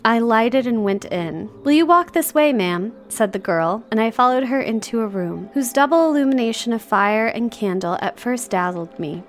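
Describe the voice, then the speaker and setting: A woman's voice: mid-range voice, a bit bright. A woman reading a classic novel aloud on a podcast, breaking off for jokey, self-mocking asides. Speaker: podcast co-host.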